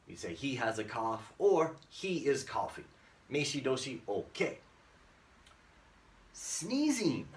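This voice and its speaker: A man's voice: on the high side, distant mic. A man teaching English to Japanese learners in an online lesson, acting out sounds playfully and mixing in Japanese words.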